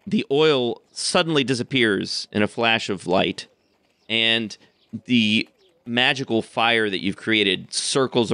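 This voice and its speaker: A man's voice: fairly low pitch, sharp tone, clear, resonant tone, no room sound. A man narrating a tabletop role-playing game as game master, telling the story steadily and chuckling often.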